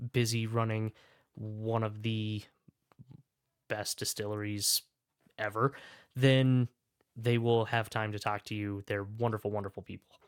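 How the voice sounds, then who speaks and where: A man's voice: medium pitch, clear, resonant tone, no echo, studio quality. A man hosting a casual whiskey review, talking enthusiastically and rambling with fillers and self-corrections. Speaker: whiskey reviewer and podcast host.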